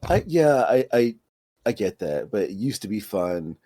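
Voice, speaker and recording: A man co-hosting a casual podcast, rambling with halting restarts. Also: fairly low pitch, very animated, mellow. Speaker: podcast co-host. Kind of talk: casual chat.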